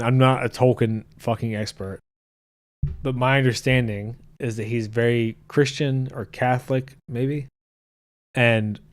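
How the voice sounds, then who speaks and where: A man's voice: mid-range voice, clear, resonant tone. A man hosting a casual podcast, ranting and joking crudely while reading his live chat. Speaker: podcast host.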